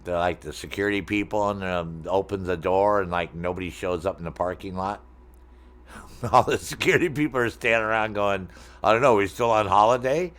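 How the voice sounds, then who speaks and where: A middle-aged man with a low voice chats loosely while he plays a game on stream. He rambles from topic to topic, swearing freely and joking with his viewers. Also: steady tone, a little fast, fairly bright tone. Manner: rambling, profane, jokey, talks to chat. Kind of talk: casual gaming stream chat.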